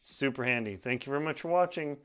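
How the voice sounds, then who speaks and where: A man with a smooth, clear voice walks through tying a climbing knot. He talks plainly and practically, narrating his hands as he works. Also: medium pitch, fast talker, fairly bright tone. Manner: plain, practical, hands-on demonstrating while talking. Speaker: outdoor skills instructor. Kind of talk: casual knot-tying tutorial.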